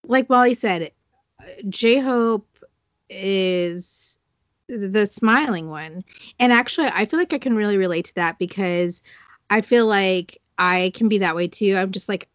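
A woman's voice: mid-range voice, a little slow, no echo, highs cut off. A woman co-hosting a podcast in casual chat, earnest and emotional, talking with many fillers and getting teary. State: tearful. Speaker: podcast co-host.

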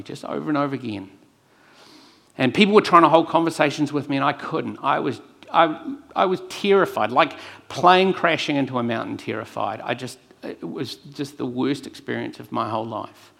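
Gravelly-voiced male pastor preaching. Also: medium pitch. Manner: earnest storytelling, swinging from hushed to emphatic. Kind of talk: sermon with personal testimony.

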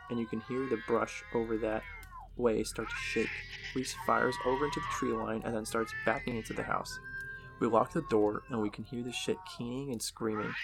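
A man's voice: mid-range voice, creaky. A man casually narrating a horror story in a profane, conversational way.

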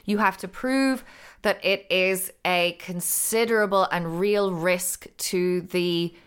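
A woman's voice: on the low side, slow pace, clear, resonant tone. A woman with a Northern Irish accent, a teacher co-hosting a podcast, ranting passionately about the news. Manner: impassioned, ranting. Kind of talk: casual chat about news.

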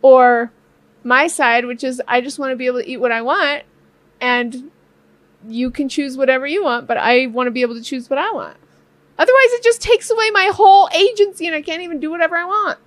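A woman co-hosting a casual chat with her husband, telling a story in an animated, playful way with frequent laughter and acted-out quotes. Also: high voice, fairly quick, no echo. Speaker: co-host of a couple's channel.

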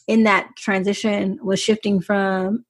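A woman's voice: medium pitch, level tone, measured pace. A woman guest and parenting author talking candidly and reflectively in a podcast interview, laughing easily. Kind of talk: conversational interview.

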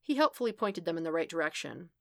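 A woman narrating a story as a podfic reader, in a steady, even storytelling manner. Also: lowish voice, fast, gravelly, no room sound, clean studio sound. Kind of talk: scripted narration.

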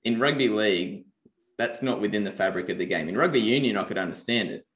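A man's voice: lowish voice, quick pace, a bit bright. An Australian man co-hosting a podcast, giving laid-back opinions and teasing his co-host in casual sports talk. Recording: echoey room.

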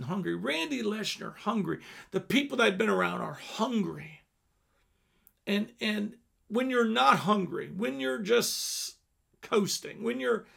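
Gravelly fifty-something preacher guy, high-ish husky voice, earnest, goes almost whispery sometimes. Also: fairly bright tone. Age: 50s. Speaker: pastor. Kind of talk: sermon.

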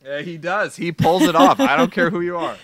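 A man co-hosting a podcast, chatting casually about films in a rambling, animated way with lots of restarts. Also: sits high, a little fast, no echo. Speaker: podcast co-host. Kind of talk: casual film chat.

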